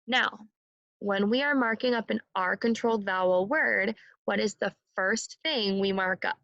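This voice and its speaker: A woman teaching a second grade phonics lesson, sounding out words slowly and clearly and having the class repeat after her. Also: mid-range voice, fairly bright tone, dry recording, dull audio.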